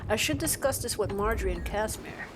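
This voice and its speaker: A woman voicing a composed, inquisitive adult woman hero in a video game, speaking calmly and deliberately. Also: mid-range voice, noisy background, natural voice. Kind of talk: video game character dialogue.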